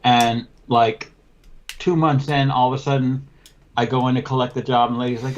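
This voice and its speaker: A window cleaning business owner on a podcast, telling a blunt, profane story with quoted back-and-forth dialogue. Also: male voice, mid-range voice, flat delivery, moderate pace, highs cut off, a little hiss or hum. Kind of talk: casual podcast chat, storytelling.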